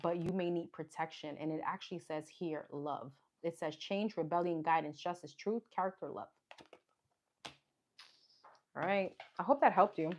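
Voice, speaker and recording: A woman's voice: fairly low pitch, moderate pace, a little mellow. A woman giving a casual live tarot reading, chatting and thinking aloud as she names the cards. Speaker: tarot card reader. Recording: clear background noise.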